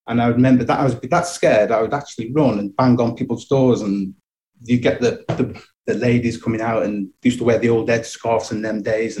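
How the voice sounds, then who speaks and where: Childhood memories come from a middle-aged man in a reflective personal storytelling mode, punctuated by chuckles and restarted sentences. He speaks at a medium pitch with a darkish tone.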